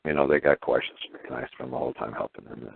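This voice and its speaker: A man's voice: very deep voice, fast, creaky, slightly rough, no room sound. A man calling in to a talk show, chatting casually and acting out the voices of people he quotes. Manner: animated, acts out quoted voices. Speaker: caller. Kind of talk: casual phone conversation. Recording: dry tinny phone line.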